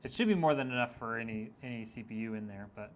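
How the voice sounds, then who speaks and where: A fast-talking man with a medium-pitched voice livestreams himself putting together a PC. Reading viewers' comments aloud, he jokes, teases, and laughs often in a casual chat.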